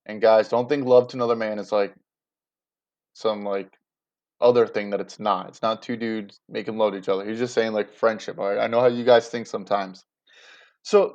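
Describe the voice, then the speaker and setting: A man's voice: medium pitch, muffled recording. A man teaching a class in a casual, chatty way, often checking in with his students. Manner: chatty, checks in with "right?" and "you guys".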